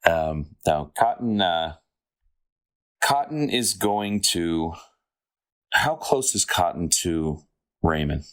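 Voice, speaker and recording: A man's voice: deep voice, expressive, slow, pauses often, a bit bright. A man playing a tabletop game, describing his character's moves in a laid-back, jokey way. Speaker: player. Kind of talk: casual tabletop play.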